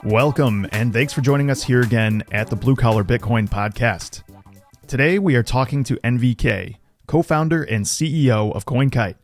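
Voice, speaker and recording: A man's voice: medium pitch, moderate pace, soft background music. A man hosting a podcast in casual chat, joking banter. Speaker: podcast host.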